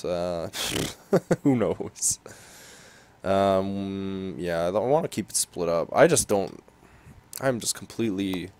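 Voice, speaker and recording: Exasperated young man commenting on gameplay. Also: low-pitched. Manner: exasperated, swinging from mumbling to frustrated outbursts. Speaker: gaming commentator.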